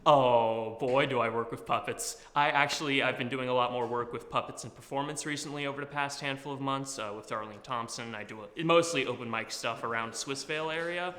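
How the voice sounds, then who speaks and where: A young man from Washington, D.C. answers audition questions with self-deprecating jokes and plenty of filler words. His voice is bright and clear. It rings around a large, echoey hall. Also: mid-range voice, brisk, few pauses. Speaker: auditioning actor. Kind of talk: audition interview.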